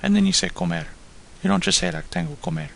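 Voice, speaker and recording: A man's voice: high voice, sing-song, fast, vocal fry, a bit bright, a little hiss or hum. A man taking part in a casual spoken lesson, working out his answers aloud in a hesitant way, with many fillers. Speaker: student on the lesson.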